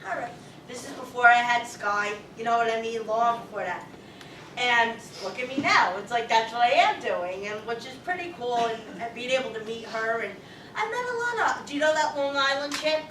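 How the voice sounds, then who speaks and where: Loud, profane high-voiced woman medium. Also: animated, fairly quick, slight background noise. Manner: loud, profane, rambling storyteller. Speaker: psychic medium. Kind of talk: live audience Q&A talk. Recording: echoey room, far from the mic.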